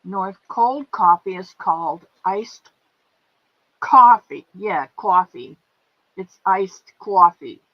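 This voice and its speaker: Woman stream host, unhurried and doting, dull lo-fi audio. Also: mid-range voice, animated, dry recording. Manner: affectionate, calls viewers pet names. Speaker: livestream host. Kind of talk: casual chat greeting viewers and reading comments.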